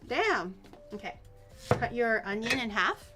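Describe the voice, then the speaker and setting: A woman with a fairly high voice talks her way through a recipe in her home kitchen. She rambles, backtracks and swears casually as she explains. Soft music plays faintly behind her. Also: very animated, measured pace. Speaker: streamer cooking on camera. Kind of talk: casual cooking stream.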